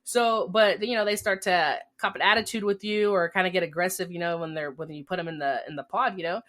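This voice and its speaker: A woman's voice: fairly low pitch, fast, fairly bright tone. A young woman co-hosting a podcast who is also a corrections officer, speaking casually, agreeing often and finishing her partner's sentences. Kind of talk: casual conversation.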